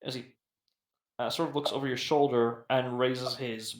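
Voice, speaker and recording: A man's voice: medium pitch, steady tone, normal speed. A man running a tabletop game as game master, narrating hesitantly with many fillers. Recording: echoey room.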